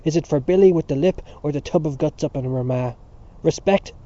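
A man doing a loud, scornful blustering father. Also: a little high, fairly quick, dull audio, close to an everyday voice. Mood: furious. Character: bitter, blustering middle-aged Irish father.

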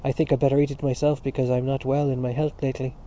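A man doing a loud, scornful blustering father. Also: mid-range voice, little pitch movement, fast, highs cut off, a little hiss or hum, natural voice. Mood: grumbling. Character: bitter, blustering middle-aged Irish father.

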